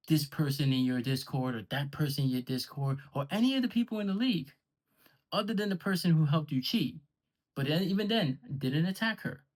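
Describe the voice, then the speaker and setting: A man delivering a confrontational, sarcastic and profane callout rant to the camera about a league he runs. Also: medium pitch. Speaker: online league owner.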